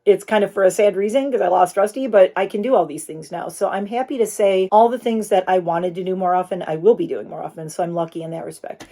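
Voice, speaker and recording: A woman's voice: medium pitch, quick pace, few pauses, dark tone. A middle-aged woman vlogging from her home studio office, chatting earnestly to her phone camera and turning tender at times. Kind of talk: casual chat to camera.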